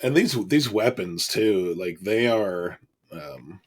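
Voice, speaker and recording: A man's voice: sits low, expressive, takes it slowly, husky. A man casually chatting about a film as podcast co-host, agreeable, with many restarts. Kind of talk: casual movie chat.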